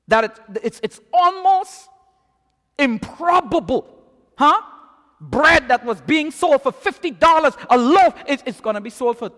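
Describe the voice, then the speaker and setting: A man preaching with great animation, stumbling over repeated words as he builds. His voice is very high and bright with wide swings of pitch. A long hall reverb trails every phrase. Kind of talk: sermon.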